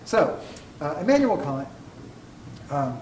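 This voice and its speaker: A man's voice: a little high, sing-song, slow, a little mellow, distant mic, slight background noise. Man lecturing in an echoey classroom. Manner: digressive, self-deprecating humor. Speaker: college ethics instructor.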